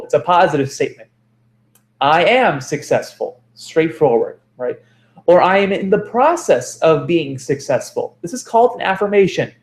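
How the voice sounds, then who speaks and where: A man's voice: fairly high pitch, a little mellow. Man teaching positive thinking, echoey room. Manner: repeats phrases for emphasis, self-corrects. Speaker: self-help speaker. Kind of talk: motivational talk.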